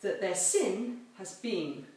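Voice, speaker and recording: Her mid-range voice is mellow and animated, and she takes things slowly. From her home, she leads a children's chapel assembly, walking through games step by step with cheerful playfulness, both inside and on a garden course. A helper films from a distance, leaving the home video echoey with faint noise.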